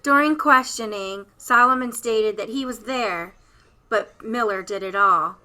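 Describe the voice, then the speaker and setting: A woman hosting a true-crime channel, giving a scripted narration with a steady, plain read-aloud delivery. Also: on the high side, a little slow, rough recording.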